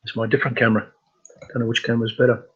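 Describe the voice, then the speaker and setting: A man hosting a casual live computer training webinar, talking in a halting way with many fillers and restarts. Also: mid-range voice, level tone, a bit bright, slightly rough, lo-fi sound.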